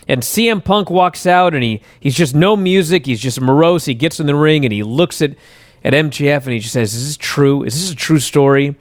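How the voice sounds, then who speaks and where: A man hosting a wrestling talk show, telling stories at length in a casual, animated way. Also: on the high side, brisk, no room sound. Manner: animated storyteller, recaps at length. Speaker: wrestling radio show host.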